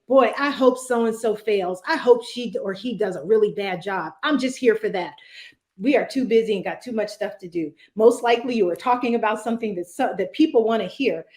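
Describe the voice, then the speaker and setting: A woman's voice: a little high, a little mellow, echoey room. A woman leading a virtual public speaking workshop, talking conversationally with fillers and frequent "right?" check-ins. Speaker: workshop presenter.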